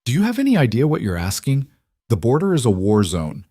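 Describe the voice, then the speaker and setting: A man's voice: mid-range voice, huge pitch swings, a little fast, dark tone, breathy edge, no echo, clean studio sound. A man reading a storybook aloud, voicing a stern, protective king who speaks in a hard, commanding way. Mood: fearful, tender.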